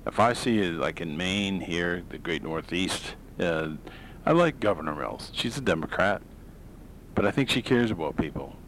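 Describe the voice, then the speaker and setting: A man's voice: low-pitched, expressive, normal speed, fairly bright tone, a little hiss or hum, rough recording. A man hosting his own show, talking through opinions in a blunt, rambling, sarcastic monologue full of fillers and restarts. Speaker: podcast host. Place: home in Maine.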